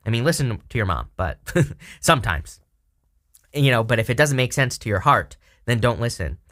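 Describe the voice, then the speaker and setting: Hiccuping throughout, this man rambles his way through a chatty tarot reading, laughing often and using plenty of fillers. His medium-pitched, fairly bright voice swings widely in pitch at a normal speed.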